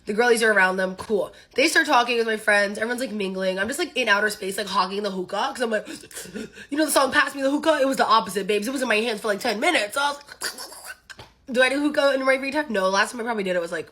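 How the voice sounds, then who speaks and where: A young woman rattles through a casual storytime at speed in a bright, fairly high voice. She is animated and acts out each line of dialogue. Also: racing. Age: young adult.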